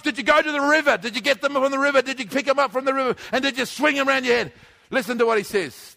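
Fiery preacher man, really high pitched, bright forceful voice, keeps repeating stuff. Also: big pitch swings, a little fast, vocal fry. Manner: emphatic, repetitive, often shouting. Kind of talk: sermon.

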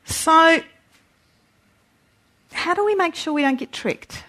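A woman preaching a sermon in an animated way, acting out voices when she quotes. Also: very high voice, slow pace.

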